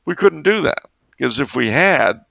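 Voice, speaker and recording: A man's voice: medium pitch, expressive, normal speed, gravelly, fairly bright tone, dry recording, dull audio. A man co-hosting a podcast in casual chat, a wry, sarcastic storyteller who bursts into sudden exclamations. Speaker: podcast co-host.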